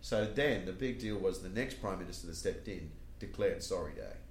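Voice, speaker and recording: A man's voice: deep voice, normal speed. Brief: Australian man, stand-up comic on a podcast, profane storyteller, in a roomy, echoey room with faint hum. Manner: swears freely, animated when telling stories. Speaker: comedian guest.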